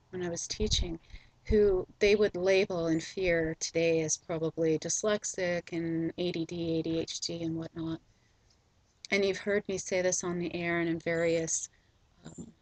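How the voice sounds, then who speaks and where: A middle-aged woman hosting a spiritual video, telling a personal story in a soft, slow, gentle way with frequent ums. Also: on the low side, no room sound, rough recording.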